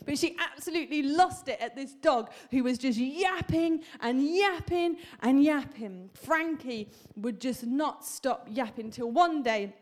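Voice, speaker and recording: A woman's voice: sits high, lively intonation, a little slow, hardly any pauses. A woman in her thirties preaching a sermon to a congregation, chatty and humorous, telling stories and asking the room questions. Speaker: pastor. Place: church hall.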